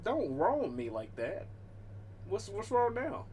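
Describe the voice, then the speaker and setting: A man's voice: high voice, huge pitch swings, slow, a little mellow, a little hiss or hum. A man livestreaming and chatting casually, rambling and swearing as he talks to his cat, often cutting himself off and restarting. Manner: frequent self-interruptions and restarts. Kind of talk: casual stream chat.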